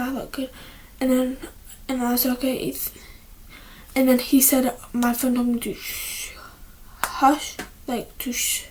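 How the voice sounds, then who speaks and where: Here the teenage vlogger's voice is a little high with a darkish tone. She talks casually in her home, rambling, starting over many times, and often lowering to a whisper.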